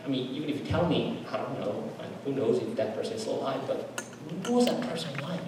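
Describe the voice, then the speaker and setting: A man's voice: medium pitch, fast, background noise. A man, a pastor, giving a seminar talk told through stories, earnest and building to emphatic repeated lists. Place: church hall. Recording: echoey hall, voice from far off.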